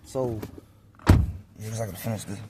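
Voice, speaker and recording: A man telling a personal story casually, outdoors on his phone, animated and profane, acting out the scenes as he goes. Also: on the low side, normal speed, heavy background noise. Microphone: phone or camera.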